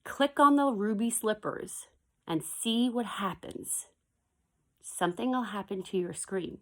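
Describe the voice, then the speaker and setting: A woman's voice: mid-range voice, animated, unhurried. A woman teacher talking casually to her pupils from her home basement, chatty and digressive, reading a picture book aloud with playful animal sound effects. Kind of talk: casual video message and read-aloud for pupils.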